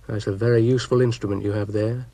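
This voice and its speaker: A man voicing a sleepy, laid-back male hippie rabbit with a mellow drawl. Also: fairly low pitch, steady tone, fast, dry recording, natural voice. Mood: weary.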